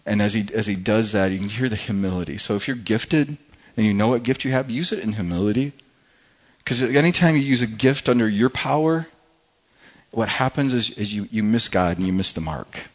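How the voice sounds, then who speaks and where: A man's voice: fairly low pitch, fairly quick, highs cut off. A man preaching a sermon as pastor in a church, earnest and often repeating his words as he restarts. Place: church hall with congregation.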